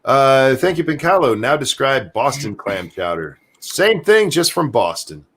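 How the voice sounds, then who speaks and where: A man hosting a livestream, reading viewer questions out loud and joking with his co-hosts. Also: medium pitch, very animated, a little slow, breathy edge. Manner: reads out chat questions, joking. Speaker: stream host reading chat. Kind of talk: casual chat.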